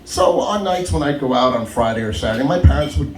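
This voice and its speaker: Animated man telling stand-up stories. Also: medium pitch, quick pace. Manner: animated, laughs through his own stories. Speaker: stand-up comedian. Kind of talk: open mic stand-up storytelling. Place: comedy club stage. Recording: roomy club sound, mic at a distance.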